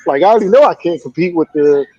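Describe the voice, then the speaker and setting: A man telling stories in a casual chat, insistent and quick to laugh. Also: on the high side, lively intonation, darkish tone, highs cut off.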